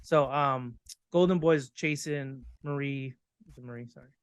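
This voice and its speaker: A man's voice: mid-range voice, moderate pace, smooth, dry recording. A man co-hosting a casual pop-culture podcast, talking in a laid-back, hesitant way with many ums and likes. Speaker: podcast co-host. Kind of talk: casual chat.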